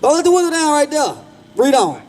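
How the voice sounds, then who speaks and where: A man's voice: very high voice, big pitch swings, fairly quick, a little mellow. A man preaching outdoors on a street, blunt and slangy, firing questions at passers-by and repeating himself.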